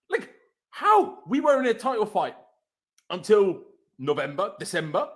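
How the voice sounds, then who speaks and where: A man's voice: high-pitched, very animated, a little slow, pauses often. A man hosting a football fan channel, delivering a furious, swearing post-match rant over a call.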